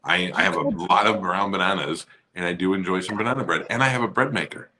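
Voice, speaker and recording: A man with a very deep voice chats on a podcast, loose and profane and full of jokes. His tone is bright and forceful, with a husky rasp. He rambles from one thought to the next. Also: quick pace. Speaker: podcast co-host. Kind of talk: casual chat.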